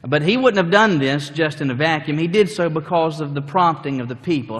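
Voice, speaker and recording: Man, pastor, sermon, storytelling, a little high voice, long hall reverb. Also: a little fast, few pauses, fairly bright tone. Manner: storytelling, acting out the scenes.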